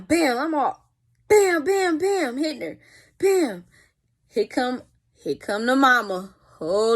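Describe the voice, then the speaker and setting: A young woman telling a story in a casual vlog, animated and profane, with spoken sound effects. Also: fairly high pitch. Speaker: vlogger.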